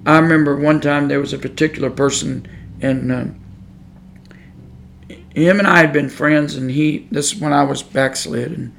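Brief: male podcast preacher, fairly high gravelly voice, earnest and emphatic, repeats for stress. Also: steady tone, moderate pace, long pauses, fairly bright tone, slight background noise. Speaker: podcast Bible teacher. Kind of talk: preaching Bible study. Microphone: podcast microphone.

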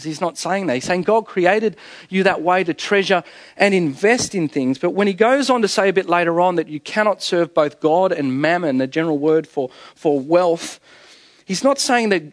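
A man's voice: high-pitched, animated, normal speed, dry recording, studio quality. A man with an Australian accent preaching a sermon as pastor, telling stories with humor, chuckling at his own jokes and firing off rhetorical questions.

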